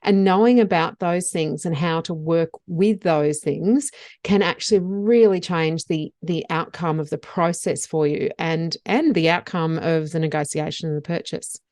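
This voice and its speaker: Woman, middle-aged, candid podcast co-host, low-ish voice, dry close mic. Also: a little slow, a little mellow, no room sound. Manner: candid, laughs about her own past mistakes. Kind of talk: casual podcast chat.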